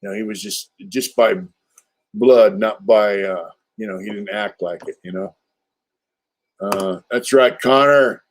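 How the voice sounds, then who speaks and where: A man's voice: fairly low pitch, animated, a little slow, gravelly. An older man hosting a casual livestream, telling a story in a loose, rambling, streetwise way with lots of fillers and swearing. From California. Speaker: livestream host.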